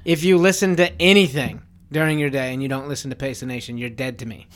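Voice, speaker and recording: A man's voice: medium pitch, fairly even intonation. A man hosting a podcast, who chats casually, jokes at his own expense, and laughs easily. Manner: teasing, jokingly self-pitying, quick to laugh. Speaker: podcast host. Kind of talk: casual chat.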